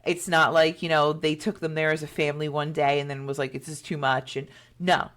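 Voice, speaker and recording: A woman's voice: low-pitched, little pitch movement, brisk, a bit bright. A woman co-hosting a podcast, telling a story in a chatty way with lots of fillers and acted-out quotes. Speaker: podcast co-host. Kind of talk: casual storytelling chat.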